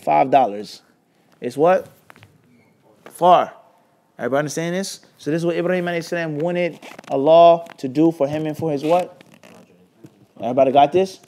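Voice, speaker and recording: Lecturing an Islamic class at a moderate pace, a man with a slightly high, dark-toned voice leaves long pauses. He constantly quizzes the students with "what?" and mixes in scolding comments.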